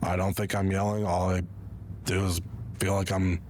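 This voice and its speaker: A man's voice: deep voice, little pitch movement, normal speed, darkish tone, slight background noise. A man guest on an interview show, answering in a hesitant, defensive way.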